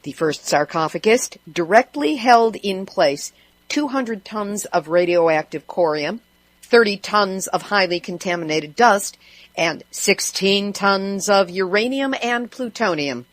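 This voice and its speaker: A woman's voice: medium pitch, animated, measured pace, no room sound. Wry, sarcastic woman radio host. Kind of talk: scripted news commentary with sarcastic asides.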